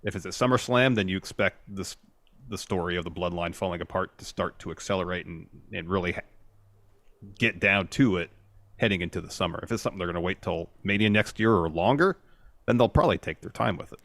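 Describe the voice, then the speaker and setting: A man's voice: sits low, fast talker, fairly bright tone, no echo. A man co-hosting a casual wrestling recap podcast, talking steadily and agreeably as he weighs where the story is going.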